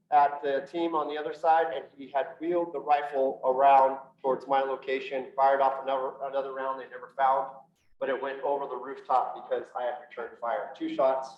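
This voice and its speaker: A man, a police officer, telling his personal story to an audience in an earnest way, slowing down for emphasis and acting out what others said. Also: mid-range voice, flat delivery. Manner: earnest storytelling with quoted dialogue, slows for emphasis. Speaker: police officer and speaker on PTSD. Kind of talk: personal testimony talk to an audience. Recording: roomy echo from a distance, dull lo-fi sound.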